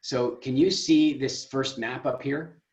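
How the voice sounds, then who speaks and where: A man hosting a group video call, coaching in an emphatic, teasing way that swings from loud to soft. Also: medium pitch, fairly even intonation, takes it slowly. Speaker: program founder and call host. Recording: echoey room, dull lo-fi sound.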